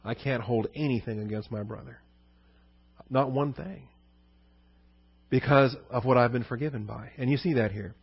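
Guy pastor preaching casual, husky voice, kinda muffled dry recording. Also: mid-range voice, normal speed, pauses often, no room sound. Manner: conversational, asks questions and answers them, many fillers. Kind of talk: verse-by-verse sermon.

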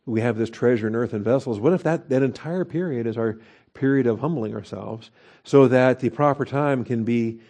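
A man's voice: mid-range voice, moderate pace, mellow. A man teaching a verse-by-verse Bible study in a conversational way, with fillers and rhetorical questions.

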